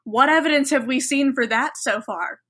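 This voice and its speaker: Young woman, podcast co-host, bright voice, witty, explains theory, laughs often. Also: high voice, slightly rough. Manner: quick-witted, analytical, laughs often. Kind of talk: casual podcast chat.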